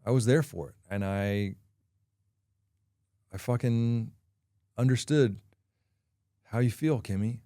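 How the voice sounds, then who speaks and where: A middle-aged man hosting a podcast, talking through a personal confession in a candid, halting way with frequent pauses. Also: mid-range voice, mellow, dry recording, clean studio sound. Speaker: podcast host.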